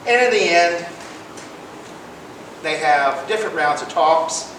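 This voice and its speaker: A man's voice: lively intonation, slow pace, a bit bright. A man giving a casual public lecture in a library room, retelling history in everyday conversational talk. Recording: echoey room, distant mic, rumbling noise.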